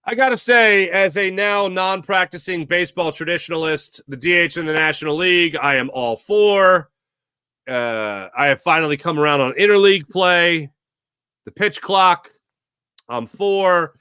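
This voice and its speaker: A male sports talk host talks in a loose, rambling way and jokes as he reads out viewer comments. His voice is bright and forceful. The sound is dry and close, with no room around it. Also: sits high, normal speed, clean tone, no echo. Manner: animated, rambling, jokey. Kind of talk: casual sports talk, reading chat comments.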